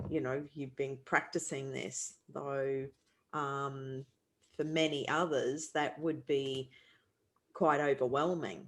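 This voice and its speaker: A woman in the audience asking the speaker a question, hesitant and trailing off with fillers. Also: sits low. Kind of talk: question from the floor.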